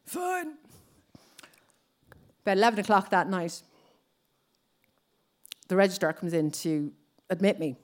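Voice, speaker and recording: A woman's voice: on the low side, moderate pace, pauses often. A woman in her thirties with an Irish accent, telling a personal story on stage and acting out other people's lines. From Ireland.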